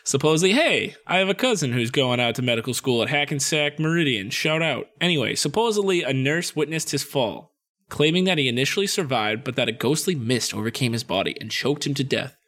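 A man's voice: medium pitch, animated, fairly quick, fairly bright tone. A young man co-hosting a podcast, reading a ghost story aloud and cutting in with his own jokes. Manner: reads the story, breaks off for jokes. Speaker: podcast co-host.

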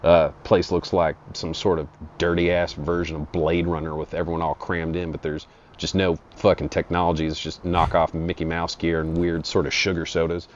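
A man's voice: sits low, little pitch movement, moderate pace, slight background noise. A man telling a rambling, profane comic story in an improvised monologue. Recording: dull lo-fi audio.

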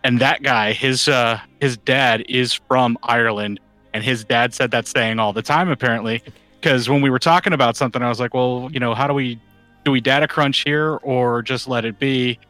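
A man hosting a casual podcast chat, telling stories with lively animation and plenty of swearing. His voice is bright and forceful. The sound is dry and close, with no room in it. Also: medium pitch, normal speed, no echo, soft background music. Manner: animated storyteller, swears freely. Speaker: podcast host.

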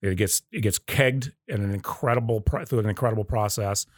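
This Southern U.S. man, who leads a coffee company, speaks fairly quickly in a fairly low voice on a dry recording. As a guest in a casual podcast interview, he tells stories and performs the quotes of customers.

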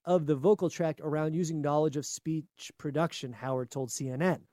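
A man's voice: a little high, fairly even intonation, moderate pace, dark tone, no room sound, clean studio sound. A man co-hosting a casual chat, reading news aloud and joking about it. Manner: jokey, laughing, reads articles aloud. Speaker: podcast co-host.

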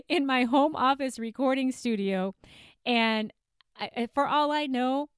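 A woman host talks straight to her listeners in a smooth, clear voice that sits a little high. She comes across chatty, emphatic and self-deprecating. The sound is close and dry, recorded in her home office studio. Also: no room sound. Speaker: podcast host and eating coach. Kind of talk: solo podcast monologue.

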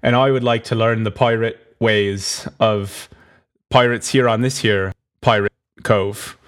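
A man doing a comedic impression of a bumbling man who awkwardly poses as a pirate. He talks in a halting, stammering, hesitant way. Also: fairly low pitch, steady tone, a bit bright, smooth.

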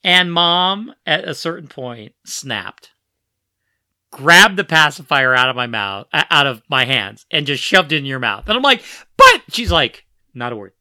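Lively, bright-voiced man telling family stories. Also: on the high side, unhurried, no echo, clean studio sound. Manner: animated, acts out quoted voices, frequent restarts. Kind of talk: casual storytelling conversation.

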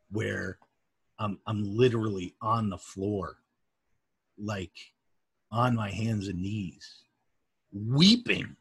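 Slow, husky-voiced man talking earnestly. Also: on the low side, fairly bright tone, dry recording. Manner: earnest, halting, heartfelt. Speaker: podcast co-host. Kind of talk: casual podcast chat.

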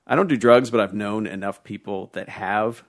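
Blunt ranting man, lowish voice. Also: moderate pace. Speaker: podcast co-host. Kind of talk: casual film review chat.

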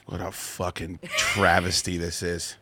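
A man's voice: deep voice, monotone, a little slow, pushed and bright, slight background noise. A man hosting a radio show, ranting and swearing with sarcastic banter into a studio microphone. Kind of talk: profane live radio banter.

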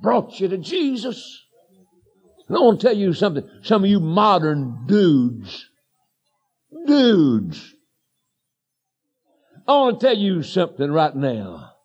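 A man preaching a revival sermon in church, telling homespun stories that build to shouted declarations. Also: high-pitched, very animated, takes it slowly, long pauses, slightly rough. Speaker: evangelist preacher. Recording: dull lo-fi sermon recording.

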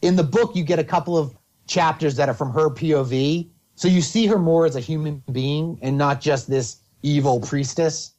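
Rambling, animated man in casual chat. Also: a little high, moderate pace, highs cut off. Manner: rambling, animated, restarts a lot.

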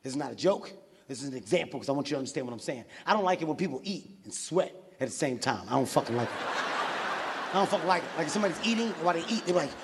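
A man performing a live stand-up routine, profane and shouty as he tells his stories. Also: on the high side, background noise. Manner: profane, shouty, animated storytelling. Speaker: stand-up comedian. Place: large live venue. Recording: live venue with reverb and audience. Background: audience laughter.

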